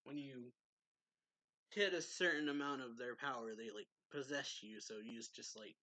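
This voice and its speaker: Bright-voiced man recapping a chapter. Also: medium pitch, moderate pace. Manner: loose retelling, many likes, laughs often. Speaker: anime reviewer.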